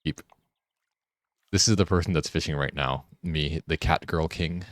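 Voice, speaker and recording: A man streaming a game, chatting casually, joking and laughing often, and getting excited as he rambles. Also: rumbling low, normal speed, no echo, studio quality. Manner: gets excited and rambling when riffing. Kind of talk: casual live-stream chat while gaming.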